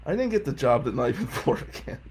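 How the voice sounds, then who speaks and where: Here the same kind of speaker, a forties-aged lawyer, talks a little fast in a husky, medium-pitched voice. His casual comic tales are self-mocking and lively, and he performs the quotes of the people in them.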